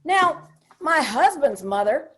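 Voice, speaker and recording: Older woman, solo comic monologist; high, very animated pitch, wry and confiding, punchy asides. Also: takes it slowly. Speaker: solo theater performer. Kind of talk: comedic solo stage monologue.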